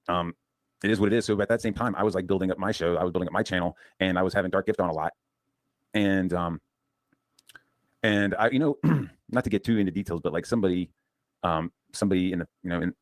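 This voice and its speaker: A man's voice: low-pitched, no echo. A man telling a long profane story in a rambling casual rant, full of restarts and fillers. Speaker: comics channel host.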